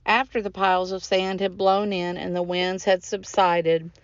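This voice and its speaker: Smooth-voiced woman reading her novel aloud. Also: medium pitch, no room sound. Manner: steady, measured narration. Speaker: author. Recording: dull lo-fi recording.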